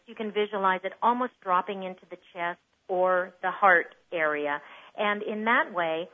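A woman's voice: mid-range voice, normal speed. A woman voice coach explaining how to speak well as a guest in an interview, with fillers and restarts. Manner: warm explanatory, demonstrates voices. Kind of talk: interview over the phone. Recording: tinny phone line.

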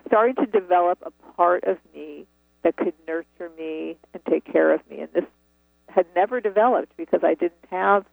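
A woman's voice: lowish voice, moderate pace, vocal fry, dry recording. A woman author telling her story earnestly and reflectively in a phone interview, over a tinny phone line. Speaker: author and guest.

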